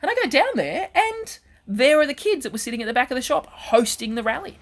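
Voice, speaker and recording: A woman, a guest comedian telling animated stories in casual chat on a radio show. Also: high-pitched, fast talker. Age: 40s. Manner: animated, chatty anecdote telling. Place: radio studio.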